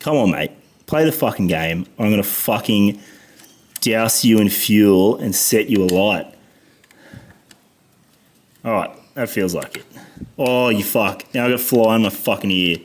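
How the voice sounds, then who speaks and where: A man's voice: fairly low pitch, measured pace, long pauses. An Australian man talking through a motorcycle repair as he works, muttering and swearing constantly out of frustration. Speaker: motorcycle mechanic vlogger. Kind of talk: casual workshop commentary.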